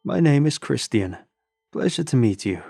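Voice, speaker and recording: A cheerful, easygoing Norwegian soldier, put on by a male narrator, with a Norwegian accent and a friendly manner. The voice sits a little higher than the narrator's own. Faint music underneath. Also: big pitch swings, moderate pace, vocal fry, mellow, slightly rough, dry recording, clean studio sound, heavily acted. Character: friendly red-haired Norwegian man soldier.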